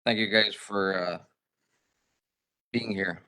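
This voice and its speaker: A man's voice: on the low side, fairly even intonation, slow pace, sharp tone. A man who serves on a village board, speaking informally and hesitantly during public comment.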